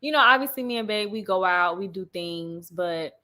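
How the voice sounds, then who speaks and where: Another young woman livestream host chats casually, reading comments aloud, speaking directly to viewers and laughing frequently. Her mid-range voice is animated, pushed and bright, at a moderate pace.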